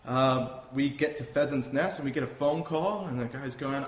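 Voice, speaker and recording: A young man, a guest telling travel stories in an animated, rambling, self-amused way. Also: medium pitch, normal speed, crowd noise. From Canada. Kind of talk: casual storytelling. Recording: echoey room, faint noise.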